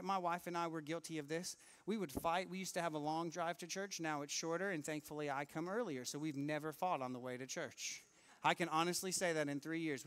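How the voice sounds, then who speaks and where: A man preaching a sermon in church, lively and acting out the people in his stories. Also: fairly high pitch. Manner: animated, acts out quoted voices. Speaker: pastor.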